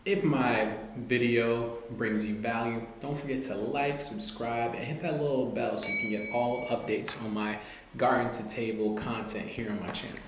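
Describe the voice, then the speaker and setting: A man talking casually to the camera as a vlogger, relaxed and loose, with lots of "you know" and "like". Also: medium pitch, normal speed. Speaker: vlogger reviewing cookbooks. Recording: very echoey room, faint noise.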